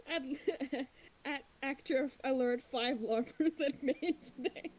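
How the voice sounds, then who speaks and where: A woman's voice: high-pitched, darkish tone. A woman player in a tabletop game, chatting casually and giggling often.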